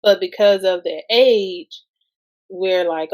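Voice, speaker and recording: A woman guest-hosts a podcast, chatting slowly and casually about parenting and posing plenty of rhetorical questions. Her voice is mid-range with fairly even intonation.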